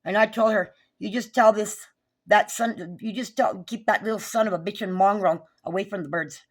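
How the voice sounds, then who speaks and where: A woman's voice: medium pitch, normal speed. A woman, recounting a neighbor dispute in an agitated, profane, repetitive rant. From New Mexico. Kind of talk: angry recounting vlog.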